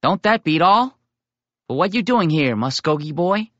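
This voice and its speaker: Give me a man playing a sly, mocking teenage boy, high and loud, in an audiobook. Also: expressive, moderate pace, no room sound, highs cut off. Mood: teasing.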